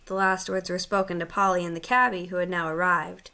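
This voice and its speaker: A woman's voice: on the low side, flat delivery, fairly quick, few pauses, pushed and bright. Woman reading a storybook aloud. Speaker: audiobook narrator. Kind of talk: scripted narration.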